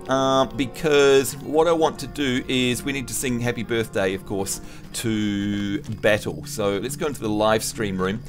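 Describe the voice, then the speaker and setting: Give me a chatty man from New Zealand hosting a game stream, lively pitch, soft music underneath. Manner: chatty, upbeat, teasing friends. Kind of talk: casual live-stream chat.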